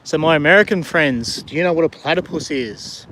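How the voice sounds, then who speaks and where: A middle-aged man with an Australian accent talks in a loose, friendly live-stream ramble, full of ums and asides to viewers. His voice sits a little high for a man. It is recorded outdoors on a river, with faint outdoor sound behind him. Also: fairly quick, sharp tone, a little hiss or hum. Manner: chatty, rambling, friendly, many fillers. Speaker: vlogger and diver. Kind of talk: casual live-stream chat, reading viewer comments. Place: outdoors on a river kayak in the rain.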